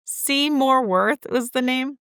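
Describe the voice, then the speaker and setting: A woman's voice: high voice, slow pace, fairly bright tone, clear, resonant tone, no echo, clean studio sound. A woman co-hosting a podcast, mostly listening and reacting with short remarks and laughs in casual chat. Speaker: podcast co-host.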